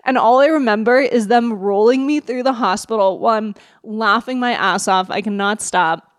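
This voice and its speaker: A woman on a podcast telling a personal story in an animated way, laughing often. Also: fairly high pitch, normal speed, no room sound, clean studio sound. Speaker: podcast guest. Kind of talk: casual podcast chat.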